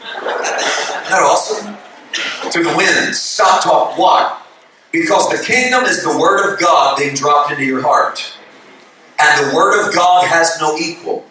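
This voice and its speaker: A man preaching a sermon, building from calm teaching to shouted, passionate preaching. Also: fairly high pitch, measured pace, slight background noise. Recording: echoey hall from a distance.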